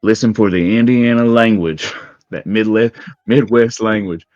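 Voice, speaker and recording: A man's voice: fairly low pitch, a little slow, a little mellow, no echo, dull audio. A man narrating as game master of a tabletop game in a casual, rambling way, with many ums.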